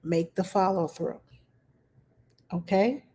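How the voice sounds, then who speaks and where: Warm-voiced nanny giving earnest advice. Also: female voice, lowish voice, slow. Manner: earnest, repeats key points for emphasis. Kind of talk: casual advice talk to camera.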